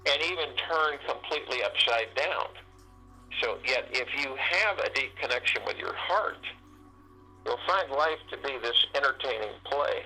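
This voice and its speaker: A man hosting a group meditation call, giving a spiritual teaching talk in a halting, repetitive way that keeps circling back to key phrases. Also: mid-range voice, animated, bright, forceful tone, rough recording. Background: faint meditation music.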